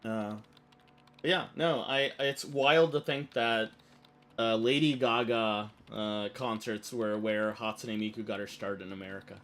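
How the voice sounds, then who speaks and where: A man streaming a game, telling a story in an animated, rambling way full of fillers. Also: fairly low pitch, a little slow. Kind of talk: casual storytelling while playing.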